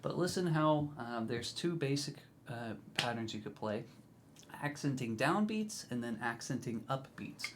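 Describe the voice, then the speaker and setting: A man teaching drums, explaining grooves in a relaxed, encouraging way, counting in and scatting rhythms. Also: mid-range voice, a little slow, a little hiss or hum. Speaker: drum teacher. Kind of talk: instructional video talk.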